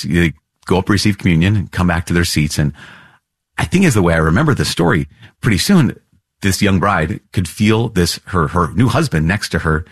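A man hosting a podcast, teaching in an earnest, animated way with warm storytelling and chuckles. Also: deep voice, slightly rough, dry recording, clean studio sound. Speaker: priest podcast host.

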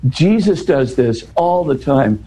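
A man's voice: on the high side, animated, takes it slowly, dark tone, rough recording. A man explaining a scripture passage in a scholarly but casual way, with frequent restarts and "you know". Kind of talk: conversational explanation.

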